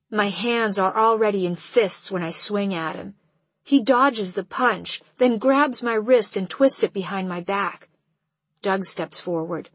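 A woman reading a first-person audiobook in a measured storytelling way. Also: mid-range voice, husky, no echo. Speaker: audiobook narrator.

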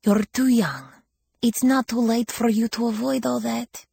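A woman's voice: fairly high pitch, fairly even intonation, unhurried, gravelly, dark tone, breathy edge, dry recording, pitched above the performer's own voice, heavily acted. A woman voicing a wary, blunt older woman with a thick accent. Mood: sad warning.

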